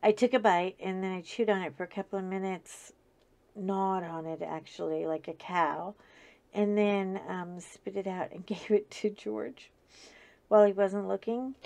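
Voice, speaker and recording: A woman's voice: medium pitch, fairly even intonation, unhurried, gravelly, warm tone. A woman host telling a story in a casual chat, chatty and often laughing.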